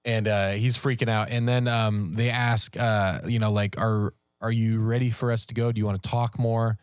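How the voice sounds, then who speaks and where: A man, a podcast co-host, telling a story in casual, animated talk and raising his voice at the tense moments. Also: on the low side, moderate pace, clear, resonant tone, no room sound, clean studio sound. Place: podcast studio.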